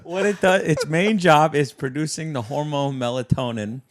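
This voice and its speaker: A man's voice: a little high, moderate pace. A man hosting a casual podcast, blunt and swearing, reading facts out to his guests. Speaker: podcast host.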